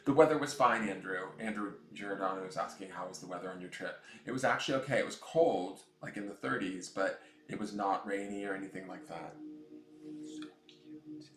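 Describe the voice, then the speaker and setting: A man's voice: fairly quick, few pauses, reverberant. A man hosting a tarot live stream, chatting casually and answering viewers' comments by name. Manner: coos in a high baby voice to his new cat.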